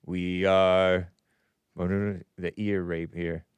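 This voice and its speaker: A man's voice: sits low, little pitch movement, slow pace, clean tone, no echo. A man hosting a call-in show in casual live-stream chat, musing aloud and stumbling over hard names.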